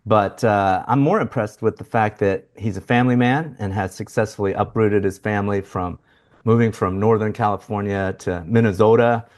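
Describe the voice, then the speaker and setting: A man's voice: fairly low pitch, fairly even intonation, normal speed. A man co-hosting a podcast, introducing a guest in a rambling, good-humored way. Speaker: podcast co-host.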